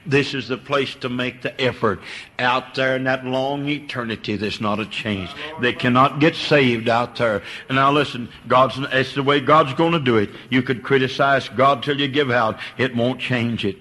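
Older preacher guy, bright forceful voice, goes quiet then cries out high, stammers and repeats. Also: steady tone, normal speed. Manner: swings from low hush to high impassioned cries; repeats words and stammers on restarts. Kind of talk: sermon.

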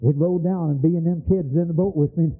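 A man's voice: a little high, fairly even intonation, a little fast, husky. An older man preaching a fervent, folksy sermon, telling stories with passion. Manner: impassioned, storytelling, folksy. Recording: tinny lo-fi old tape.

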